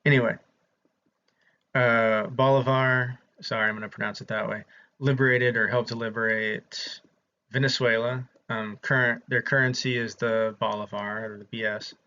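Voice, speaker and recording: A man's voice: medium pitch, level tone, normal speed, pushed and bright. A man from the American South, giving a casual, chatty history lecture to his students with frequent ums. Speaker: instructor. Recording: slightly dull lo-fi audio with faint noise.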